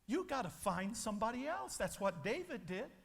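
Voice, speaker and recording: A motivational speaker addresses a convention crowd in a large hall, telling an emphatic, preacher-style story. His voice sits high and very animated, with a breathy edge, at a moderate pace. The recording carries a long hall reverb.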